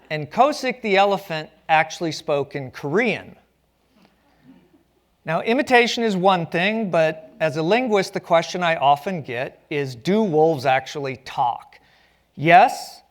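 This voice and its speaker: A man giving a public lecture on stage, telling stories with a playful, joking manner. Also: on the high side. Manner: playful storytelling with jokes. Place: stage at a community arts center.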